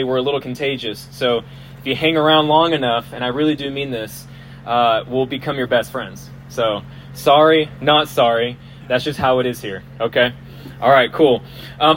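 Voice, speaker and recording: A man's voice: fairly high pitch, fairly bright tone, low-quality recording. Guy preaching outside, jokey and casual, stumbles over words, faint background hum. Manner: casual and joking, repeats and restarts words. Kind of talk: outdoor sermon. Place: outdoors at a festival. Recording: outdoor recording, faint hum and passing vehicles.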